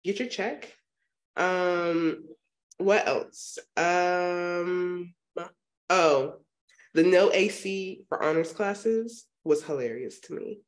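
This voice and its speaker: A woman with a somewhat low voice talks through a film on a podcast. She gushes and acts out quotes with eager energy. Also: extremely slow. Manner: enthusiastic, quotes people in an upbeat voice. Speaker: podcast co-host. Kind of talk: casual chat.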